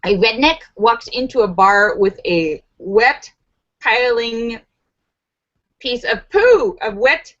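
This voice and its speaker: A chatty woman reads jokes on a live stream and giggles between them. Her voice sits a little high, and she takes her time. The audio is slightly muffled and lo-fi. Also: expressive, takes it slowly, a bit bright. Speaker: host of a live joke stream. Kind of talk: casual live-stream chat reading jokes.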